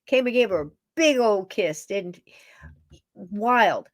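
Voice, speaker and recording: A woman's voice: medium pitch, expressive, slow pace, dry recording, studio quality. A woman hosting a podcast, chatting casually in a rambling, affectionate way and laughing often. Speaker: podcast host. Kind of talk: casual chat, talking to her pets on camera.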